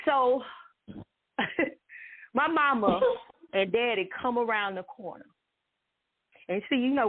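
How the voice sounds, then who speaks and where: A woman from Dallas, telling a story in a casual way, animated and laughing often with dramatic exclamations. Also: mid-range voice. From Dallas, Texas. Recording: tinny phone-like sound.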